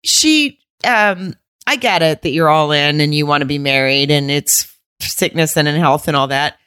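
A woman's voice: low voice, moderate pace, a bit bright, clear, resonant tone, no room sound, clean studio sound. A woman from the Southern United States co-hosting a podcast, blunt and rambling in casual chat. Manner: blunt, rambling, swears freely. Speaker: podcast co-host.

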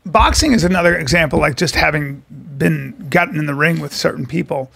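A man's voice: on the high side, brisk, sharp tone. A man co-hosting a podcast, speaking bluntly and knowingly in casual chat. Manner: gravelly, husky, blunt and knowing.

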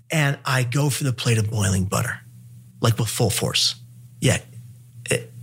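A man, a podcast guest, telling a comic story in an animated way and slipping into other characters' voices. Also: fairly low pitch, creaky, breathy edge.

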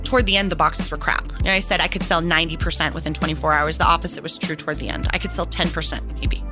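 A middle-aged woman recounting her own experience as an interview guest, animated and acting out the voices of others. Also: sits low, rapid-fire, music in the background. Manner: animated, acts out quoted voices. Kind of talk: emotional personal storytelling.

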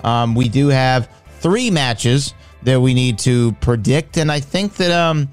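A man's voice: medium pitch, expressive, takes it slowly, smooth, soft background music. A man hosting a show, talking in a loose, chatty way with filler ums. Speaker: show host.

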